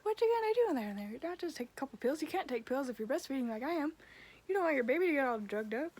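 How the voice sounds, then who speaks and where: Young woman, candid vlogger, blunt and casual, voice sits a touch high. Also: lively intonation, very fast. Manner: frank, blunt and casual, with mild swearing. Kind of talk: candid personal vlog talk.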